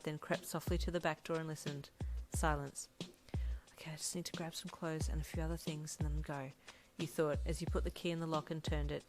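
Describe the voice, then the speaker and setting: A woman narrating a second-person fanfic story, her voice sitting on the lower side and steady as she tells it. Faint music plays softly beneath her reading. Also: low-quality recording. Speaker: audiobook narrator.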